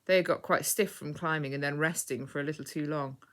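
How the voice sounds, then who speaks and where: Low-pitched, bright woman storyteller. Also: brisk. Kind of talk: scripted narration of a children's story.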